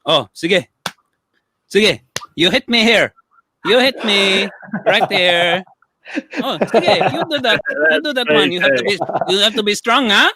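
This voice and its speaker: A man's voice: high-pitched, animated, a crowd in the background, voice pushed up, poor audio. A man putting on an old Filipino uncle who coaxes people to hit him in the stomach, in a sing-song Filipino accent. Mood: coaxing. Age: older. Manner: sing-song, coaxing, slowed. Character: old Filipino uncle, playful martial-arts show-off.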